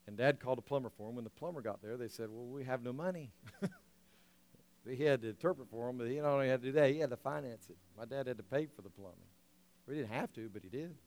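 A male pastor preaching a sermon, swinging from near shouts down to quiet, intimate asides, with organ-like music underneath. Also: medium pitch. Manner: impassioned, rising to near shouts then dropping to quiet intimacy.

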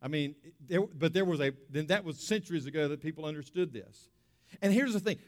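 A man's voice: a little high, fairly quick. A male pastor preaching a conversational sermon, stressing points with repetition and rhetorical questions. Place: church sanctuary. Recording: long hall reverb.

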